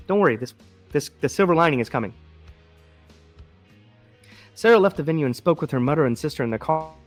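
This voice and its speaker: Profane, sarcastic male commentary host. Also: mid-range voice. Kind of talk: political commentary show, reading news aloud.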